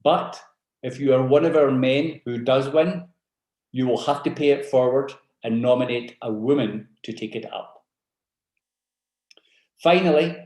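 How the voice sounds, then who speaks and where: South african scottish guy opening a webinar, polite and measured, bit of room echo. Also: mid-range voice, a little mellow. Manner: measured, courteous announcements. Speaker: event host.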